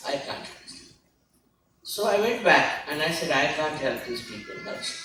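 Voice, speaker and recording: A woman's voice: low-pitched, huge pitch swings, normal speed, noisy background. A woman giving an emphatic sermon as a spiritual teacher, scolding and asking rhetorical questions. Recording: echoey hall recording from far off.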